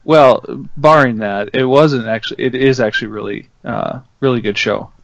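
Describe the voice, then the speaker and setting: A man's voice: mid-range voice, normal speed, gravelly, no room sound, highs cut off. A young man in casual chat who explains TV plots at length, filling gaps with "uh" and "um.".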